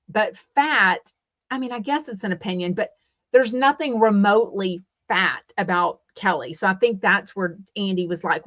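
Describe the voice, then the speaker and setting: A Texan-accented woman from Texas hosts a casual celebrity gossip podcast, reading live comments aloud in a chatty, opinionated way full of fillers and quoted asides. Her mid-range, fairly bright voice moves a little slowly, and the recording is muffled with no echo.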